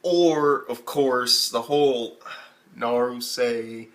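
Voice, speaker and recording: Profane, animated young man reviewing anime. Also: drawn-out words. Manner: animated, heavy swearing, acts out characters in high squeaky bursts. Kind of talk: casual profane video review.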